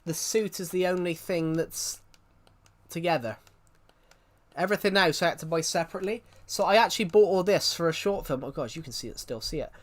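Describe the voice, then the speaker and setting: A man's voice: on the high side, fairly quick. Male streamer, casual chat, rambling, talks in fits and starts. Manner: rambling, restarts sentences often. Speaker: livestreamer.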